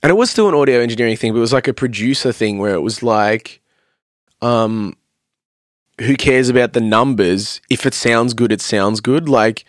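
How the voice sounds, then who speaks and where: A podcast guest who is a vocalist and producer chats casually in a mid-range voice at a moderate pace, with no room sound. He rambles through studio stories, saying "like" constantly and acting out quotes.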